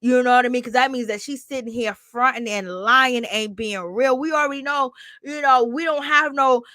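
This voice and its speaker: A woman's voice: high voice, normal speed, no room sound, clean studio sound. A woman giving casual, sassy gossip commentary on a reality show, acting out the cast in quoted voices. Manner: animated, sassy, retells scenes in quoted voices.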